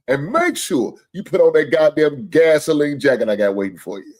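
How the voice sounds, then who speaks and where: A man's voice: on the high side, sing-song, normal speed, pauses often, darkish tone. A man hosting a livestream sports show, venting with profane, heated talk about his team's loss and calling out viewers directly. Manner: addresses viewers and super chat senders directly.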